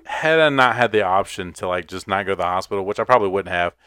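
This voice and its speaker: A man's voice: low voice, quick pace, pushed and bright, smooth, no room sound, clean studio sound. A man, co-hosting a casual podcast and telling stories in a laid-back, profane way with frequent laughs. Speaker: podcast co-host. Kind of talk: casual chat.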